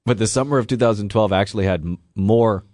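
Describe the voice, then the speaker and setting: A man co-hosting a radio show, chatting casually and quick to agree and laugh. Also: lowish voice, a little mellow, no room sound, studio quality. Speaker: radio co-host. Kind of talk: casual chat.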